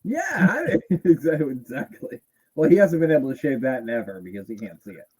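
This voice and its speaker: A man's voice: medium pitch, sing-song, brisk, darkish tone, breathy edge, low-quality recording. A man hosting a casual wrestling podcast who jokes and laughs often. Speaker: podcast host.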